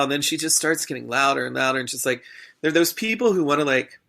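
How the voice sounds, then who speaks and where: A man, a stage performer, telling an animated story in a podcast interview and acting out the people in it. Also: medium pitch, quick pace, gravelly. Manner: animated, acts out voices in his anecdotes.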